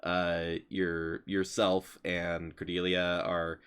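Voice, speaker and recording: A man's voice: low-pitched, monotone, slow pace, a bit bright, clean tone. A man narrating as game master in casual chat, with many fillers.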